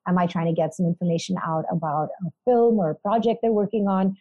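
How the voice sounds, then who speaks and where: A woman's voice: lowish voice, little pitch movement, quick pace, warm tone, no echo, highs cut off. A woman, a presenter being interviewed, telling stories in an upbeat, chatty way. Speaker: interview guest, entertainment presenter. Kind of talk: casual interview talk.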